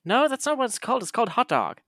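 A man's voice: very high voice, wildly swooping pitch, fast, a bit bright, no room sound. A man, a podcast host chatting casually and playfully reading text aloud.

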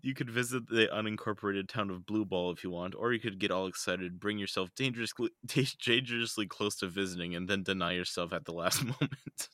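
A man's voice: low-pitched, fairly quick, few pauses, a bit bright, no echo, clean studio sound. A man co-hosting a casual podcast, reading out a list and often laughing and swearing. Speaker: podcast co-host.

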